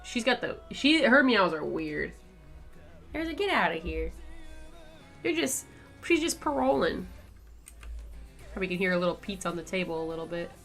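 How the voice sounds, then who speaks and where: A woman's voice: on the low side, animated, moderate pace, gravelly, fairly bright tone, soft background music. A woman chatting casually on her art stream, rambling with lots of fillers and little laughs. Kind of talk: casual chat while drawing on stream.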